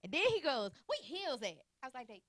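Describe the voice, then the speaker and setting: A woman hosting a casual talk show, telling a lively story and acting out the exchanges she quotes. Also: high voice, fast talker, no room sound, clean studio sound. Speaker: host. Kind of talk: casual chat.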